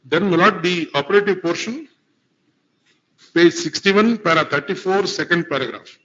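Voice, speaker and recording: This high-pitched, slightly bright male voice moves at a normal speed. He is an advocate making a formal argument in court, deferential and forever addressing the bench, saying "my lord" again and again. The courtroom recording is dull and lo-fi.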